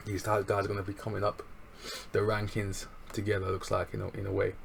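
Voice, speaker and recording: A man with a gravelly, slightly low voice talks through a show recap in a loose, excitable way. His speech is slangy and full of chuckles. There is a faint hiss behind him. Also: a little fast. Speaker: wrestling show reviewer. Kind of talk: casual recap chat.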